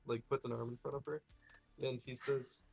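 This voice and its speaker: A man's voice: medium pitch, flat delivery, normal speed, creaky, a little mellow, breathy edge, muffled recording, faint music behind. Hesitant man playing a tabletop game. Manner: hesitant, filler-heavy. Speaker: player. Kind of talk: casual tabletop play.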